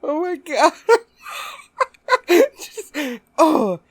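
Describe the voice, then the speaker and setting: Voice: sits high, lively intonation, very slow, no room sound. A podcast co-host in casual chat who mostly gives short reactions and laughs a lot, now and then breaking into swearing.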